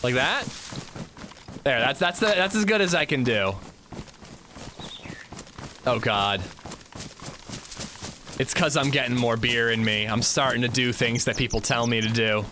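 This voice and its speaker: A man's voice: medium pitch, measured pace, long pauses, background noise. A man streaming a game, chatting casually and reading chat aloud. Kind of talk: casual livestream chat while gaming.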